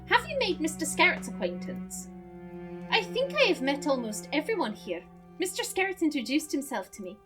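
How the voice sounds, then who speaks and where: A woman voicing a cheeky gentleman with a put-on Scottish accent, teasing and familiar. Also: high-pitched, sing-song, moderate pace, over music, voice pushed up. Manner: teasing, familiar, calls others darling.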